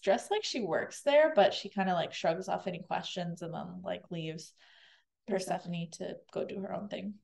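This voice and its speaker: A woman co-hosting a casual podcast walks a friend through a novel's plot. She is chatty and giggly and acts out quotes in silly voices, her voice gravelly at the edges. The room around her rings with echo. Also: lowish voice, normal speed, darkish tone. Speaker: podcast co-host explaining a book. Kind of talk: casual chat recapping a novel.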